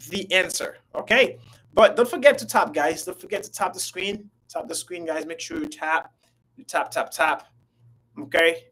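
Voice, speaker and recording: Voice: mid-range voice, a bit bright, rough recording. An English teacher giving a live online grammar lesson, repeating phrases and calling out to viewers by name. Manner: repetitive, drawn-out, talks to viewers by name.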